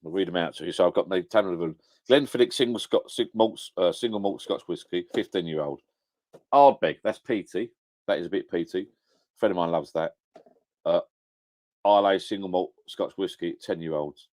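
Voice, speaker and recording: A man's voice: low-pitched, moderate pace, darkish tone. A middle-aged man chatting casually on a live stream, rambling and correcting himself. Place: at home by a whiskey shelf. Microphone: camera on a home setup.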